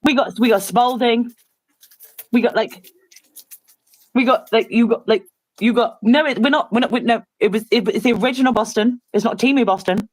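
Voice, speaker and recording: A woman's voice: a little high, normal speed, a little mellow, dry recording, rough recording. An Englishwoman co-hosting a casual livestream chat, rambling, interrupting herself and apologizing as she goes. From England. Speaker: co-host.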